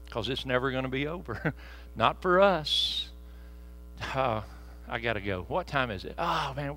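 A man preaching a sermon in a church, telling stories folksily and swinging from soft asides to loud, fervent peaks. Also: mid-range voice, low-quality recording. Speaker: pastor. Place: church sanctuary. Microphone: handheld microphone.

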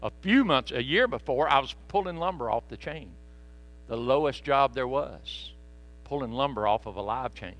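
A man preaching a sermon, folksy and animated, with joking asides to the congregation. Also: medium pitch, normal speed. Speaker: pastor.

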